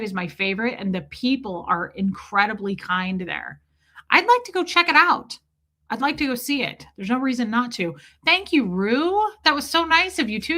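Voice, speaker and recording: A middle-aged woman from the United States hosting a casual livestream, telling stories animatedly and greeting viewers from chat. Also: medium pitch. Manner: chatty, animated storytelling, reads chat comments aloud. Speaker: livestream host.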